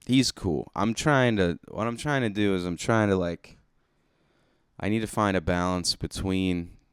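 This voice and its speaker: A man talks alone into his comedy podcast in a deep, low voice. His sound is crisp and smooth, close and dry. He rambles loosely, cursing and poking fun at himself. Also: unhurried, no room sound. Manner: rambling, self-deprecating and profane. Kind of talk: casual solo podcast monologue.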